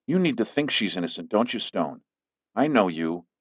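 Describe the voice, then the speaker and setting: Man doing a jealous woman, possessive, menacing, raised pitch, lo-fi sound. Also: sing-song, moderate pace, dry recording. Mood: accusing. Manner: menacing, clingy, accusing. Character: jealous possessive Mafia princess, young woman. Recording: dull lo-fi recording.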